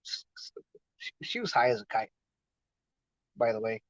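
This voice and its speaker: On the low side and sing-song, this LA podcast host talks slowly through a casual, rambling, slang-heavy conversation full of fillers. The sound is dull, lo-fi, and dry, with no echo.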